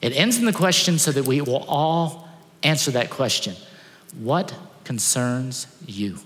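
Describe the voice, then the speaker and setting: High-voiced, bright male preacher. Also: sing-song, normal speed. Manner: emphatic storytelling, rhetorical questions. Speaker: pastor. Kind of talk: sermon. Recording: long hall reverb.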